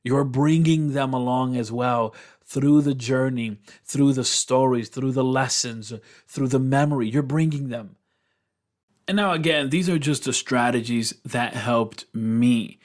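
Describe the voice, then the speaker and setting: A man's voice: medium pitch, unhurried. Earnest, encouraging man hosting a podcast. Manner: earnest, encouraging, repeats key phrases. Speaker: podcast host and coach. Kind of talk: heartfelt motivational talk.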